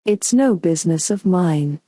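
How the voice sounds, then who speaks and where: A woman voicing a polite, curious young girl in a slow bedtime audiobook reading. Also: lowish voice, animated, dark tone, dry recording. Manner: polite but plain-spoken.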